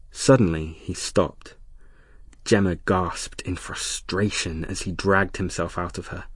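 A man narrating an erotic audiobook in a slow, hushed, lingering delivery. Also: deep voice, steady tone, slightly rough, no echo, clean studio sound.

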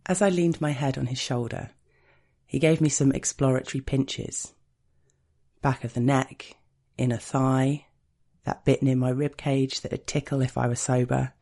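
A man narrates an erotic first-person story in an unhurried, hushed, confiding manner. His voice is dark and mellow, with a gravelly fry running through it. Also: mid-range voice. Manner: slow, intimate, hushed storytelling.

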